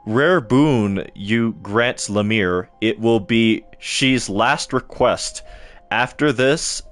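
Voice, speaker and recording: A grieving female knight speaks in old, formal phrasing, slowly and with gravity, as a young man reads her lines from a game in his own plain voice. The words come at an unhurried pace over soft background music. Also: on the low side. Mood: solemn. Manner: formal archaic phrasing, read aloud haltingly. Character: solemn female bug knight, archaic and mournful.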